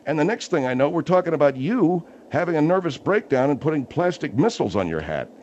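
A man hosting a comedy radio bit, measured and polite. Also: on the high side, expressive, a little mellow, muffled recording, a little hiss or hum. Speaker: radio host.

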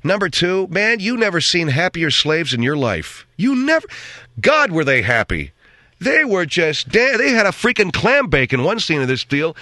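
A man's voice: a little high, very animated, normal speed, sharp tone, no echo, clean studio sound. A man hosting a talk show, delivering a sarcastic, rambling opinion monologue.

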